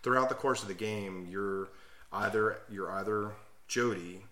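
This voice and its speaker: An enthusiastic man rambling through long explanations as a podcast co-host, with a somewhat low voice that sounds bright and forceful. His voice rings with roomy echo. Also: measured pace. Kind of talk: casual chat.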